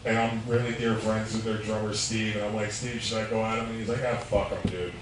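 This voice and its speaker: A man's voice: fairly low pitch, completely flat delivery, quick pace. A man, doing a crude, profane live stand-up set while a little drunk, laughing at his own jokes. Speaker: stand-up comedian. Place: bar stage, live. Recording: echoey room, distant mic, crowd noise.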